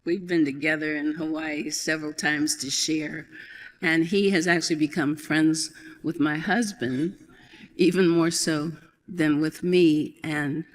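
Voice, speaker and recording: A woman's voice: sits low, a little hiss or hum. A woman storyteller chatting on stage in a wry, teasing way. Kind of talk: casual stage banter. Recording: long hall reverb.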